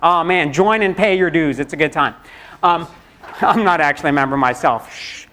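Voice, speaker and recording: A man's voice: fairly high pitch, normal speed, bright, forceful tone. A middle-aged man giving a university programming lecture in a conversational, joking way, acting out students' questions. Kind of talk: classroom lecture. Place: lecture hall.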